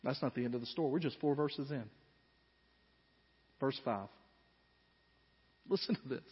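Man, pastor, sermon, husky, slightly high voice, long hall echo, dull sound. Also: steady tone, normal speed. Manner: earnest, builds from quiet to loud.

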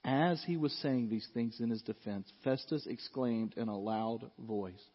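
Husky preacher in an echoey church. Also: male voice, unhurried. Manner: reads scripture with loud, rising emphasis, asides in a lower joking tone. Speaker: pastor. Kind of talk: sermon. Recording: dull recording in a reverberant church.

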